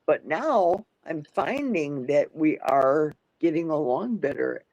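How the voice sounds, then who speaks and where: Older woman, livestream host, talkative, thinks out loud, dry sound. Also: low voice, animated, slow pace, vocal fry, no echo, highs cut off. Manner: chatty, thinks aloud, reads out comments. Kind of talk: casual live chat.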